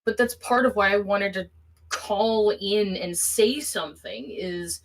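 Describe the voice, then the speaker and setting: A woman calls into a live stream, speaking earnestly and haltingly. Her breathing is shaky with panic as she talks. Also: mid-range voice, rough recording. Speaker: caller. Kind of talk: emotional call-in conversation.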